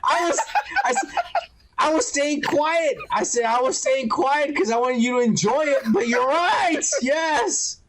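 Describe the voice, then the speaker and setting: A man's voice: extremely high pitch, unhurried, hardly any pauses, slight background noise, rough recording. A man co-hosting a casual podcast, griping and swearing as he retells scenes. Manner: animated, swears a lot, acts out scenes in quoted voices. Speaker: podcast co-host. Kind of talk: casual profane review chat.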